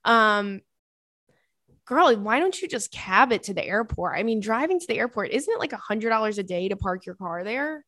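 A woman's voice: mid-range voice, animated, moderate pace, a bit bright, dry recording, clean studio sound. A woman in her thirties hosting a podcast, chatting casually and reading listener emails, with rambling asides and plenty of swearing. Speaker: podcast host.

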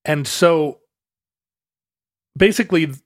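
A man's voice: fairly high pitch, slow pace, no room sound, studio quality. A man co-hosting a casual chat, musing aloud and often restarting his thoughts.

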